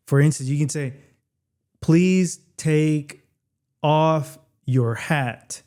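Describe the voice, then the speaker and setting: Chatty male English teacher, mellow voice. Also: mid-range voice. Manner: chatty, repeats phrases slowly for learners. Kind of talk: casual video lesson.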